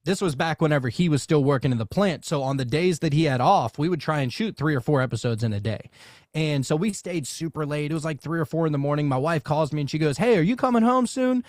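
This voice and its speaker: A man from Louisiana telling a long story in casual podcast chat, animated and swearing freely, with many fillers and restarts. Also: on the high side, fast, no room sound, clean studio sound. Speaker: podcast guest.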